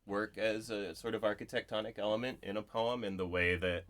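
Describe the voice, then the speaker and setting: A man with a very low voice talks through his ideas at a live bookshop event. He is a poet, reflective and digressive, often checking in with "right?" as he builds a thought. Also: steady tone, brisk, a bit bright. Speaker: poet, interview guest.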